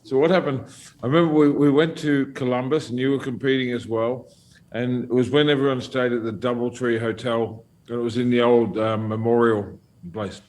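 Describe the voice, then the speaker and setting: A man's voice: medium pitch, fairly quick. A middle-aged man telling an old story at a casual round table, swearing freely and laughing as he goes. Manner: animated, profane, laughs through his stories. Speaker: guest storyteller.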